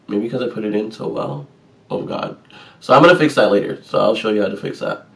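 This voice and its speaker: A man's voice: lowish voice, a little fast, vocal fry, fairly bright tone, far from the mic. A man chatting casually and sassily through a makeup tutorial, joking at his own mistakes. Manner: chatty, sassy and self-deprecating. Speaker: vlogger.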